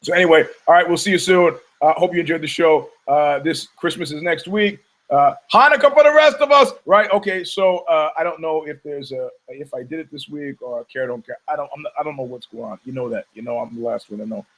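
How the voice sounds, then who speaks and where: An American man hosting his own talk show, spinning a long, profane anecdote and slipping into the voices of everyone he quotes. His voice sits a little high for a man, with a husky, breathy edge. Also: brisk, few pauses, low-quality recording. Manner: profane, animated storyteller acting out quotes. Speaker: podcast host. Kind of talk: casual storytelling.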